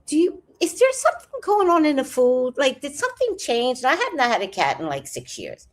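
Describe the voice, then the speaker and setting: A woman's voice: high-pitched, huge pitch swings, a little fast. A woman chatting casually on a livestream, reading out comments with rambling, profane asides and jokes. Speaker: vlogger.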